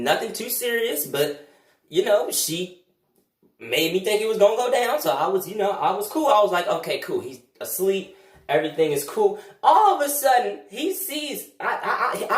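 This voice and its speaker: A young man telling a comic story about his past, animated, jumping between loud outbursts and low mutters. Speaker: vlogger. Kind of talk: comedic storytime monologue. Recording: roomy, distant from the mic.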